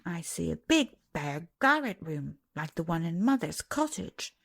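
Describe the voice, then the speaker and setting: A woman's voice: fairly low pitch, big pitch swings, unhurried, vocal fry, fairly bright tone, heavily acted. A woman voicing a proud miner boy who talks in a blunt, sulky way.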